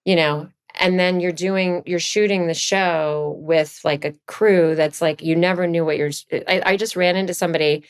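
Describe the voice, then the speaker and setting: A middle-aged woman from Virginia, a podcast guest, chatting casually and telling animated stories, leaping up in pitch for quoted lines. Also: normal speed, few pauses, smooth. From Virginia, USA. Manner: animated storyteller, jumps high for quoted lines. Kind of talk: casual chat.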